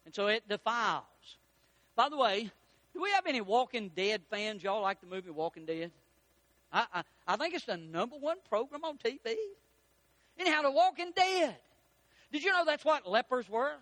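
High-voiced preacher, folksy and dramatic. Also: male voice, lively intonation, a bit bright, no room sound. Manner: folksy preaching with dramatic rises and slowed emphasis. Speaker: pastor. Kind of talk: sermon.

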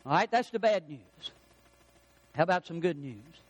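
Male preacher, high voice, dry close sound; leans hard on stressed words. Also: animated, no room sound. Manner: emphatic, drawn-out stresses on key words. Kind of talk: sermon.

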